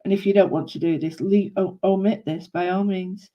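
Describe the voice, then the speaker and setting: A woman's voice: medium pitch, steady tone, normal speed, muffled recording. A woman chatting casually to viewers while she doodles, rambling and thinking aloud as she works. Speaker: craft vlogger.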